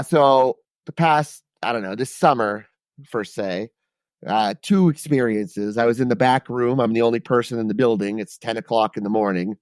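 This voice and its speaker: A man's voice: lowish voice, no room sound, clean studio sound. A man co-hosting a podcast, telling stories in a loose, rambling way with plenty of swearing. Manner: loose, profane, rambling delivery. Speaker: podcast co-host. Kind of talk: casual storytelling.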